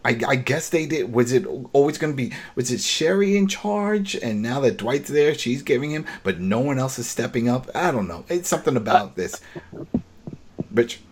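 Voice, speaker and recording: A man's voice: medium pitch, sing-song, normal speed, slight background noise. A man hosting a podcast, casually recapping a TV episode in a rambling, opinionated way with many restarts. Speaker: podcast host.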